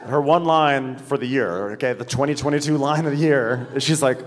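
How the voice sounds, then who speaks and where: A man's voice: mid-range voice, moderate pace, few pauses. A man co-hosting a live podcast, recapping an episode with dry, wry quips. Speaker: podcast co-host. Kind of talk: comedic recap chat. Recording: live venue with hall reverb.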